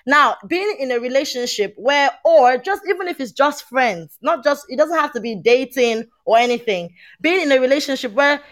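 A woman, chatting on a podcast panel and telling a story in an animated, emphatic way. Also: sits high, moderate pace, hardly any pauses. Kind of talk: casual chat.

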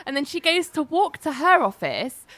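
A woman's voice: sits high, sing-song, normal speed, fairly bright tone. A woman, casually retelling a TV episode as a podcast host, acting out the characters' lines with laughs. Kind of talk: casual chat.

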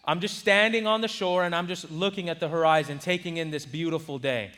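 A man in his twenties from Southern California, telling a personal story in a sermon with lively delivery and acted-out quotes. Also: a little high, fairly quick. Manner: animated, acts out quoted voices. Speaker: preacher.

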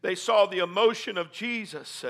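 A man preaching a sermon, reading scripture aloud and rising to fervent, loud appeals with calls of amen. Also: high-pitched, moderate pace. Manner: calls for congregation responses and says amen. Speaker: pastor.

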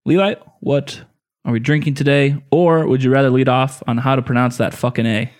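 A man's voice: medium pitch, steady tone, brisk. A man hosting a beer podcast in casual chat, laid-back and rambling, swearing offhand. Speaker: podcast host.

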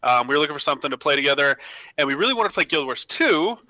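A man's voice: fairly high pitch, sing-song, very fast, pushed and bright, dry recording, rough recording. A man co-hosting a casual gaming podcast, joking around, swearing freely and telling stories. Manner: joking, swears freely, mimics pop-up voices. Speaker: podcast co-host.

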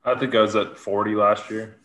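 Bright-voiced man joking offhand. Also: lowish voice, flat delivery, fairly quick. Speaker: podcast guest. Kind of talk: casual podcast chat.

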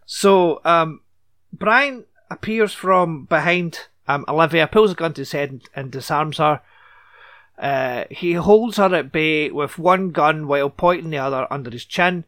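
A man's voice: on the high side, a little slow, fairly bright tone, dry recording, clean studio sound. A man hosting a podcast, recapping a TV episode in casual chat with sarcastic asides and casual swearing.

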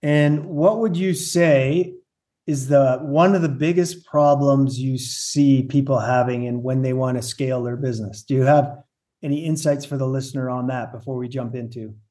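A man hosting an interview podcast, talking in an upbeat way with fillers and quick restarts. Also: mid-range voice, fairly even intonation, warm tone. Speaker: podcast host. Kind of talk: casual interview chat.

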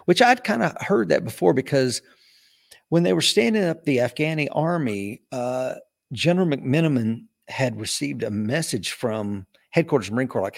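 A man's voice: medium pitch, moderate pace, creaky. A man telling his own stories in an interview, bringing the people he quotes to life as he goes. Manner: animated storyteller acting out quoted voices. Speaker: interview guest, retired Marine officer. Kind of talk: casual storytelling interview.

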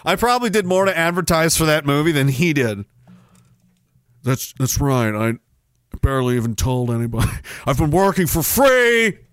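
Reading chat on a casual livestream, this male podcast host talks at a moderate pace in a very animated voice on the high side. He rambles, curses, and erupts in sudden mock outrage, captured in a dry, studio-quality recording.

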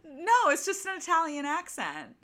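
Bright-voiced young woman, chatty and sarcastic. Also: very high voice, wildly swooping pitch, normal speed. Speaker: podcast co-host. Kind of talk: casual book-club chat.

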